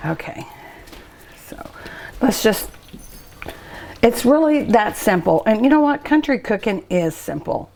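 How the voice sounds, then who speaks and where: A woman's voice: fairly high pitch, sing-song, a little slow, creaky, pauses often, a little mellow, slight background noise. A middle-aged woman hosting a cooking show from a restaurant kitchen, chatting eagerly and emotionally with her viewers while she cooks and tastes. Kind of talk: casual cooking show chat.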